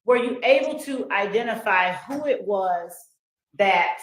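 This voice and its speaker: Female attorney, measured questioning, mid pitch, roomy courtroom echo. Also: expressive. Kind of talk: courtroom examination. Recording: echoey courtroom.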